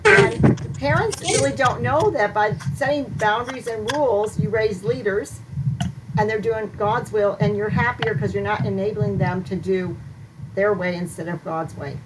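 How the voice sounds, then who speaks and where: A woman co-hosting an interview in casual chat, lively and laughing often, drifting into faith-based advice about parenting. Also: medium pitch, normal speed. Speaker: co-host. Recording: distant, noisy call audio.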